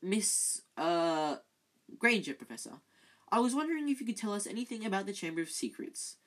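A reader voicing a studious, bossy teenage schoolgirl who speaks clearly and severely. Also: medium pitch, sing-song, moderate pace, voice pushed up. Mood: insistent.

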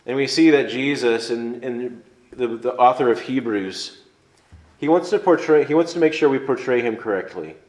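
Male preacher, mid pitch, earnest conversational sermon delivery, roomy echo. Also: moderate pace, darkish tone. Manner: earnest, conversational, explains step by step.

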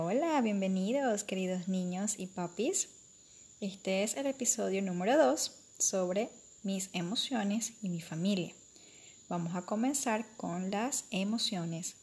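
A woman with a mid-range, slightly mellow voice teaches children a bilingual vocabulary lesson. She speaks slowly and clearly, repeating words often.

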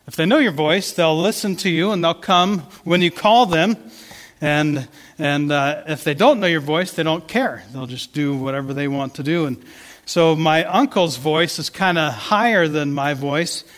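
A man's voice: on the high side, normal speed, a bit bright, in a large hall. A man giving a sermon, telling a story in a conversational way with many restarts. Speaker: pastor.

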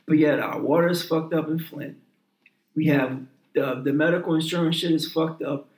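A man talks in heated casual chat, swearing freely and hammering his points by repeating and restarting his words. His voice sits high for a man. The sound is roomy, with plenty of echo around him. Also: fairly even intonation, moderate pace. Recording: roomy echoing room.

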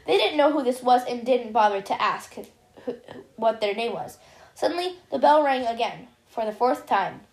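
A woman's voice: fairly high pitch, expressive, normal speed, roomy sound. A young female reader reading a homemade story aloud, stumbling and restarting as she voices the characters.

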